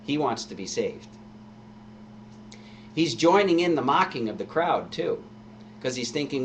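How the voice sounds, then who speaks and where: Male pastor, relaxed conversational sermon, set back from the mic with a faint hum. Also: medium pitch, a little slow, long pauses, recorded from a distance. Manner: conversational preaching with rhetorical questions. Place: church service, live-streamed.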